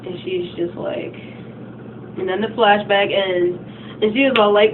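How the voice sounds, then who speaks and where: A woman's voice: medium pitch, normal speed. Woman vlogger, casual emphatic rant, tinny phone-like sound with faint background noise. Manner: chatty and emphatic, acts out quotes. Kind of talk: casual rant retelling a game story. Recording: tinny phone-like mic from a distance.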